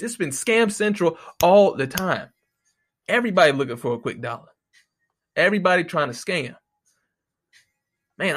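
A man with a slightly higher than average voice rants into a close microphone, profane and exasperated. He tells his stories with mocking quoted voices in a loose, casual delivery. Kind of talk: casual solo rant.

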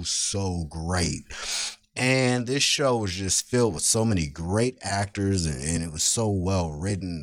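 A man's voice: low-pitched, dry recording. A man hosting a casual TV review chat, talking enthusiastically and rambling with restarts. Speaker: podcast host.

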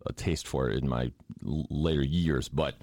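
Male host with a faint Boston accent, deep, dry close sound, teasing and rambling. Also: moderate pace, a little mellow, no room sound. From Boston area, USA. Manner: joking, teasing, rambling with restarts. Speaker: podcast host. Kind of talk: casual interview chat.

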